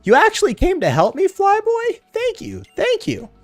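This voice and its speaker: A man voicing a timid, earnest teenage girl from a game, pleading in a high falsetto while reading the dialogue aloud. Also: huge pitch swings, normal speed, dry recording, soft background music, full character voice. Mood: astonished, grateful.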